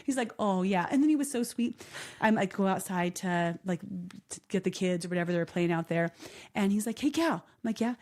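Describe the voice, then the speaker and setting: A woman's voice: medium pitch, a little fast, darkish tone. A woman co-hosting a podcast, chatting candidly and telling stories with laughter and animation. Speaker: podcast co-host. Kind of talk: casual podcast chat.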